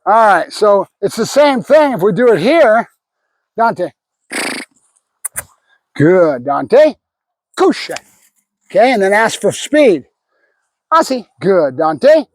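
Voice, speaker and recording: A man's voice: high-pitched, very animated, takes it slowly, long pauses, no room sound. A man working as a dog trainer, explaining his method during a hands-on session while giving a dog short praise cues.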